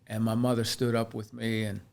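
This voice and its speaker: A man's voice: on the low side, flat delivery, normal speed, gravelly. A man from Pennsylvania, a chiropractor and podcast guest, telling his life story in an earnest, reflective way with frequent restarts. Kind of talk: candid personal storytelling in a podcast interview.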